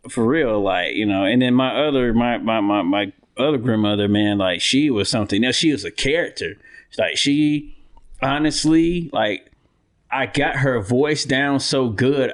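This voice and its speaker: A man's voice: mid-range voice, measured pace. A man co-hosting a podcast in casual chat, rambling and profane, with many restarts. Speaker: podcast co-host.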